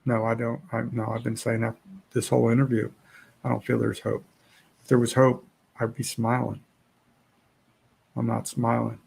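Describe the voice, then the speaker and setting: A man's voice: medium pitch, completely flat delivery, normal speed, gravelly, long pauses, a little mellow, husky. A man around sixty, a podcast guest, talking bluntly and emotionally about feeling hopeless. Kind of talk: candid interview talk.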